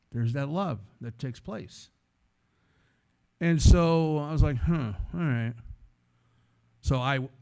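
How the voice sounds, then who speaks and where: A former radio host from San Antonio, Texas, this man is a guest speaker in a storytelling sermon talk, speaking in a mid-range voice. His delivery is animated and conversational, and he acts out the voices of the people in his stories.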